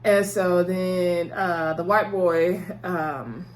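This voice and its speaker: A woman's voice: lowish voice, fairly even intonation, drawn-out words, a little hiss or hum. Chatty woman recapping a TV episode. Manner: chatty, retells scenes with quoted dialogue, addresses viewers as y'all; talks with her hands. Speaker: TV episode reviewer. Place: indoors at a table.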